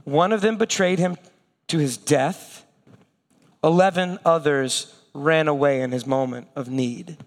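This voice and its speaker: A man preaching a sermon, telling stories with lively acted-out voices and going slow and hushed for his weightiest points. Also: fairly high pitch, long reverb tail. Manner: animated storytelling, acting out quoted voices. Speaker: pastor.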